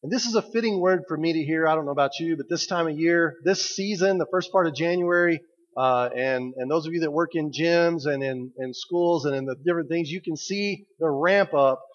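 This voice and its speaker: Male pastor, conversational and emphatic sermon, slightly high voice. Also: dull audio. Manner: conversational, emphatic preaching with slow pauses.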